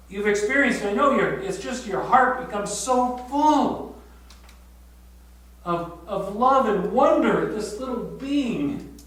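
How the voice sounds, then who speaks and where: An older man with a high voice preaches at a prayer retreat, telling his story tenderly and often sinking to a hushed near-whisper. He is heard from some distance in a strongly echoing room with a faint hum behind him. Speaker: pastor leading a prayer retreat. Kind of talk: sermon.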